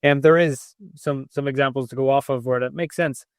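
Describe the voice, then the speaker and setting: A man co-hosting a sports podcast, analysing in a halting way with many restarts. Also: medium pitch, steady tone, clean tone, dry recording, clean studio sound. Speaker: podcast co-host.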